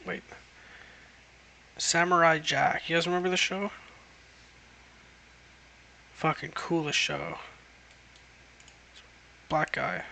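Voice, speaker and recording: Brief: young male streamer, gravelly and bright, rambling profane chatter. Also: on the high side, steady tone, takes it slowly, pauses often, slight background noise. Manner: profane, rambling, swears constantly. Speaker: livestreamer. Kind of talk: casual livestream chat.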